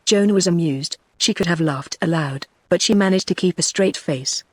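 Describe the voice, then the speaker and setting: Tts british lady reading an audiobook, even and synthetic, very dry close sound. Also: on the low side, moderate pace, hardly any pauses, slightly rough, no room sound. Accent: British English. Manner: evenly paced synthetic reading. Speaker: audiobook narrator. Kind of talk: scripted narration.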